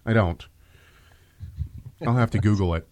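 A man's voice: fairly low pitch, measured pace, a little mellow. A man hosting a podcast, chatty and full of restarts and asides as he reads out listener mail. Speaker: podcast host. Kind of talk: casual podcast talk.

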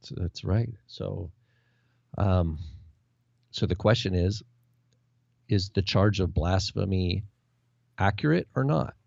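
A man's voice: low-pitched, slow pace, vocal fry, pauses often, a little mellow, no room sound, lo-fi sound. A man co-hosting a casual scripture discussion, speaking in loose, searching phrases with restarts. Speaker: co-host of a Bible discussion.

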